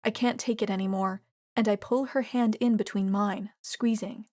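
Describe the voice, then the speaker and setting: A woman gives a steady, expressive scripted narration of a romance audiobook. Her voice is medium-pitched at a moderate pace, and the recording is dry with clean studio sound.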